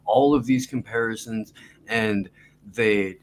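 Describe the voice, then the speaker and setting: A man's voice: fairly low pitch, steady tone, takes it slowly, a little hiss or hum, low-quality recording. A man hosting a podcast, talking loosely and profanely in a rambling casual chat. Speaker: podcast host.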